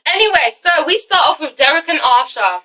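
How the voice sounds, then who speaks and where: A young woman doing a chatty, excited episode recap, acting out the characters' lines as she goes. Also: sits high, fairly quick, distant mic, rough recording. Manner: animated, giggly, slips into dramatic character voices. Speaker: TV episode reviewer. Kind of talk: excited casual recap with acted-out quotes.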